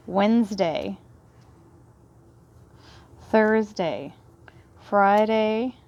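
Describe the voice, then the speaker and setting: A tarot reader gives a card reading in a Texas Southern drawl, her voice on the low side. She speaks effusively, breaking into excited laughter and then dropping into hushed prayers.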